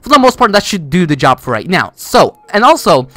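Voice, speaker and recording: A man's voice: high voice, very animated, a little fast, fairly bright tone, no room sound. A man giving casual gameplay commentary, rambling with many fillers and restarts while he builds. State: voice cracks. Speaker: gaming YouTuber.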